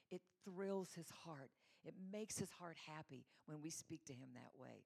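A woman's voice: sits low, a little slow, vocal fry, a little mellow, breathy edge. A middle-aged woman giving a conversational, storytelling sermon as a mother, acting out the voices she quotes. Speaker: church speaker, mother.

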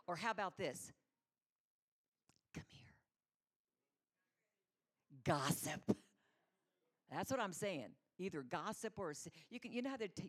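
A middle-aged woman teaching a sermon, telling personal stories and acting out the voices in them. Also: fairly low pitch. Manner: animated storyteller acting out voices. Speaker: women's Bible teacher.

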